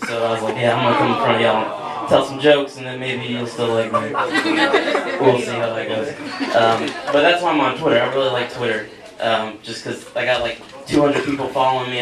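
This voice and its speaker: A young man rambles through a self-deprecating stand-up set, full of ums and likes. He is picked up from a distance in a roomy, echoing cafe, with an audience laughing loudly around him. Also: mid-range voice. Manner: rambling, self-mocking, many fillers. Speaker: stand-up comedian. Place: small cafe stage. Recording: echoey room, mic from far off, audience laughter.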